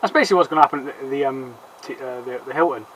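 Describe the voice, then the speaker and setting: A man's voice: medium pitch, rapid-fire, a bit bright, a little hiss or hum, rough recording. A man chatting casually with a friend, rambling and joking. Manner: rambling, joking, laughs often. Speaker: vlogger. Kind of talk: casual chat between friends.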